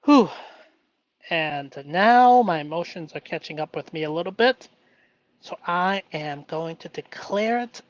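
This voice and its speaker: A man hosting a live stream, talking through his feelings in an earnest, halting way with many fillers. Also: fairly high pitch, animated, no echo, lo-fi sound. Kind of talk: emotional self-reflective live stream.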